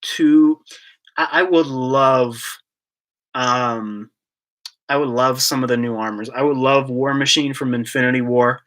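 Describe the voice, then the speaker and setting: A man's voice: medium pitch, steady tone, a little slow, fairly bright tone. A man hosting a casual live-stream Q&A, rambling and joking as he reads out and answers chat questions. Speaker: YouTube collector channel host.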